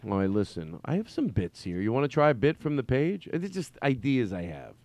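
A man's voice: mid-range voice, sing-song, brisk, a little mellow, no echo. A middle-aged man hosting a casual comedy chat, rambling through stories and laughing often. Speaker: podcast host.

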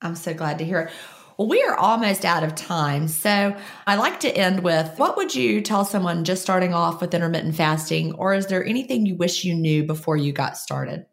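Woman podcast host, lowish voice, easy and conversational. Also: moderate pace. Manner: relaxed, conversational. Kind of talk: casual chat.

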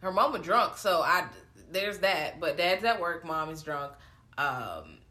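Woman recapping a movie, lots of cussing and slang, bright lowish voice. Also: unhurried. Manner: animated storytelling, profane slang, acts out quotes. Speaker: podcast co-host recapping a film. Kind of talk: casual chat.

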